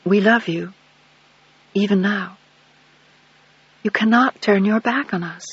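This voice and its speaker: A man reading a quiet pleading sister, pitched higher. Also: takes it slowly, breathy edge, no room sound, exaggerated voice. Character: gentle grown woman, a pleading sister. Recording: dull lo-fi dry recording.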